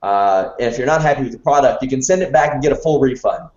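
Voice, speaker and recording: A man's voice: medium pitch, fast, darkish tone, echoey room, highs cut off. A man hosting a wrestling podcast, chatting casually and reading an ad with a jokey edge. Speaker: podcast host. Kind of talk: casual podcast chat with ad read.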